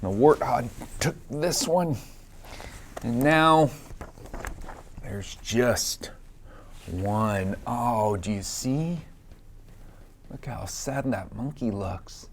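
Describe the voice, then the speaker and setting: A man reads a children's picture book aloud at an unhurried pace. His pitch swoops up and down with storybook expression. He gently stops now and then to ask the child listening what they see. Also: animated, slight background noise. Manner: gentle, asks the listener questions about the pictures. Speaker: storybook reader.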